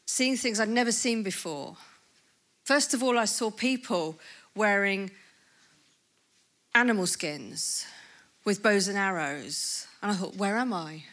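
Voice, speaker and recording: A woman in her fifties gives a testimony at a conference. Her voice sits at a middle pitch, and she tells her story in a lively way, laughing often and acting out the things people said to her. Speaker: conference speaker.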